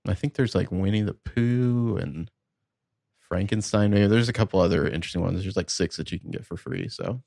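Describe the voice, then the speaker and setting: A man with a very deep, gravelly voice hosts a casual podcast chat, speaking in a measured, dry way with mild understatement. He sounds close and dry, with no room echo. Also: darkish tone. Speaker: podcast host.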